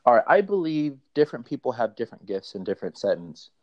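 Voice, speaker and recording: A man's voice: medium pitch, fast, dull audio. A young man from Florida with a mixed American and British accent, a podcast guest chatting casually and laughing often. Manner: laughing, animated storytelling. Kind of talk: casual chat. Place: living in London.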